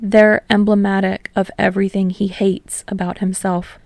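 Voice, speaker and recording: A woman narrating fan fiction aloud, steady and slowing on emotional passages. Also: medium pitch, dry recording. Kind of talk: audiobook narration.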